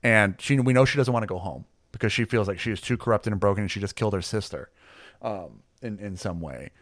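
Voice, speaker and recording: Low-voiced rambling man running a game. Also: fast talker, fairly bright tone, no room sound, clean studio sound. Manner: rambling, filler-heavy, laughs easily. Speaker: game master. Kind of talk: casual tabletop planning chat.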